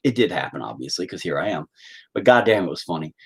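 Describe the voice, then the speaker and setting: A young man chats casually on a live stream, crude and joking as he rambles to his viewers. His pitch swoops widely and now and then jumps into loud, high exclamations. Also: very animated, fast talker, slightly rough. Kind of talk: casual chat.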